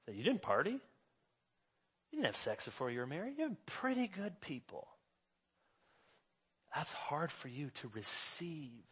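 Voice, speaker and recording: A middle-aged male pastor preaching a sermon, swinging from hushed asides to loud emphasis. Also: fairly high pitch, big pitch swings, measured pace, long pauses, breathy edge.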